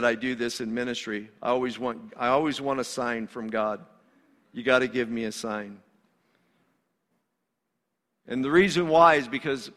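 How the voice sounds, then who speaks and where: A man's voice: mid-range voice, a bit bright. A male pastor delivering a sermon in a conversational, emphatic way, in a church sanctuary. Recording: long reverb of a large hall.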